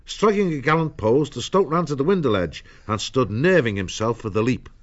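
A man reading an audiobook in a measured storytelling manner. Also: medium pitch, expressive, dull audio. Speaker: narrator. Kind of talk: audiobook narration.

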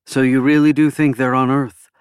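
A man's voice: mid-range voice, fairly even intonation, normal speed, clean tone, dry recording, clean studio sound, close to an everyday voice. A man voicing a cool, guarded stateswoman. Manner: cool, unconcerned. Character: shrewd, guarded female former president.

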